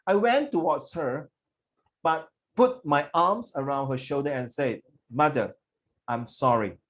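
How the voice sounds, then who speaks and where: Male teacher, fairly high voice, theatrical essay reading with lots of code-switching. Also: very animated, unhurried, rough recording. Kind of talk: classroom lesson, reading a student essay aloud. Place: classroom.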